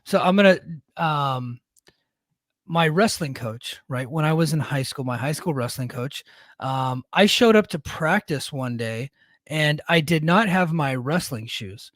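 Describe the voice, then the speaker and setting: Middle-aged guy, kinda high voice, blunt storyteller, tons of "right?", dead dry mic. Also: animated, a little slow, fairly bright tone, no room sound. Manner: blunt, storytelling, fond of "right?" tag questions. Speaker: podcast co-host; military leader. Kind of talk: casual podcast chat.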